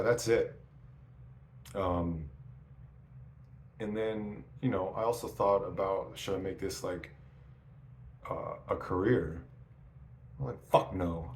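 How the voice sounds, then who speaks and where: A man in his forties telling stories in a casual interview, swearing often and restarting his sentences. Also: low-pitched. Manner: profane, rambling, restarts often. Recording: echoey room with faint noise.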